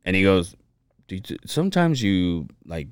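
A man's voice: low-pitched, big pitch swings, measured pace, smooth, no echo, studio quality. A young man co-hosting a podcast, talking casually, rambling with restarts, cursing and laughing. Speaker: podcast co-host. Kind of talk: casual chat.

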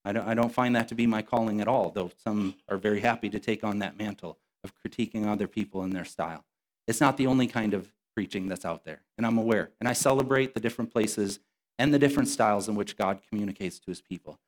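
Conversational pastor preaching a sermon. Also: male voice, fairly low pitch, fast. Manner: conversational, explanatory preaching with restarts. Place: church sanctuary.

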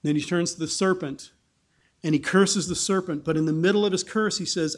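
A man preaching a sermon in an animated way, often restarting phrases and acting out the people he quotes. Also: high-pitched, fairly quick. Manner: animated, acts out quoted voices, frequent restarts.

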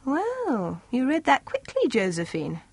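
A woman's voice: high voice, wildly swooping pitch, unhurried, breathy edge, dry recording, pitched above the performer's own voice, full character voice. A woman doing a stern village priest. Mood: brisk, dry.

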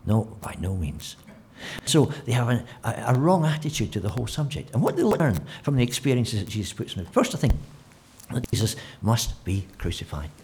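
A man preaching a sermon, telling the story with animated delivery and acting out quotes in different voices. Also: mid-range voice, brisk, a little hiss or hum.

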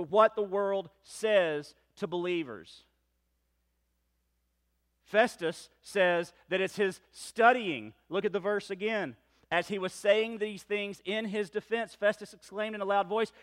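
Emphatic Southern pastor preaching. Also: male voice, smooth. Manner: reads scripture low and slow, then builds to loud emphatic questions. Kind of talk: sermon.

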